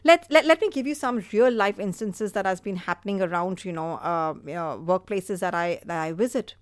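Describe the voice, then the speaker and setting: A woman's voice: medium pitch, normal speed, no room sound. Motivational podcast host, woman, earnest storyteller, fillers, dry booth sound. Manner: earnest, storytelling, frequent "you know" fillers. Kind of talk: motivational talk.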